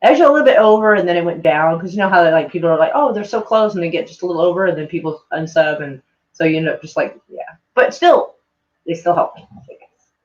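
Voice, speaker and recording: A woman talks to her stream viewers at a quick pace, her voice fairly low. Her chat is rambling and self-mocking with plenty of swearing, and the recording is dull and lo-fi.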